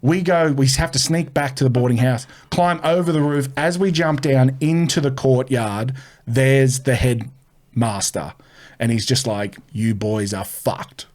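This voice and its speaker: A man's voice: medium pitch, measured pace. A young man telling a story as a podcast guest, swearing freely and acting out the people in it. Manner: animated, swearing, acts out the people in his story. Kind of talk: casual storytelling.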